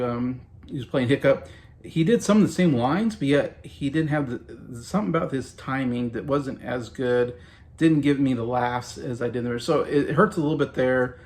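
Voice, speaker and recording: A man around forty giving a casual movie review, rambling and hedging with frequent restarts. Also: medium pitch.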